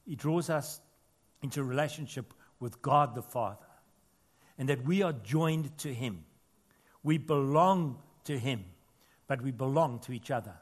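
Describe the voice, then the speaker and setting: A man preaching a sermon as pastor in a church, earnest, rising to emphatic peaks and falling to quiet, intimate asides. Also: mid-range voice, measured pace.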